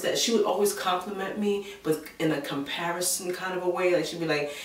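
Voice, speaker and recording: A woman vlogger telling a personal story in a casual, animated way. She acts out the voices of the people she quotes and fills gaps with "blah blah". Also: fairly low pitch, brisk, slight background noise. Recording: echoey room, mic at a distance.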